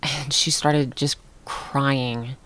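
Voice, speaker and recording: A middle-aged woman telling a story in casual chat, animated and laughing often. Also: rumbling low, extremely slow, no room sound.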